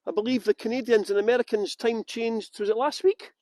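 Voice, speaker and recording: A man's voice: very high-pitched, steady tone, a little fast, warm tone, dry recording. A Scottish man guiding a live-streamed walking tour outdoors in a garden, greeting viewers by name with jokey, self-mocking banter. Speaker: tour guide.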